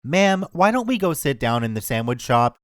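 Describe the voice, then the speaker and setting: A man voicing a big, gentle man who talks softly and calmly. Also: mid-range voice, moderate pace, no echo, clean studio sound. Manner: soft, calm, soothing.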